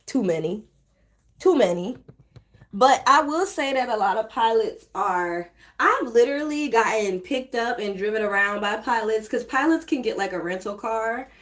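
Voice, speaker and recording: A woman with a fairly high voice chats casually to her camera like she's catching up with friends. She's an animated, gossipy storyteller who keeps breaking into laughter. She's recording from a hotel room during a layover. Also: normal speed. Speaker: flight attendant.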